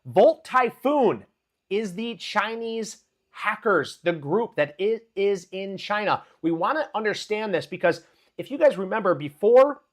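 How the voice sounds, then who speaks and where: Hyped high-voiced stock streamer. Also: male voice, expressive, a little slow. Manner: hyped, chatty, greets viewers by name. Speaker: livestream market commentator. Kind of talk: live-streamed market news chat.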